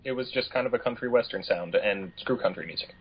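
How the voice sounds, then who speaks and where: A man's voice: fairly low pitch, fast, crowd noise. A man co-hosting a casual podcast, making dry, wry remarks. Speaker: podcast co-host. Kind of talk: casual chat. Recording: dull lo-fi podcast audio.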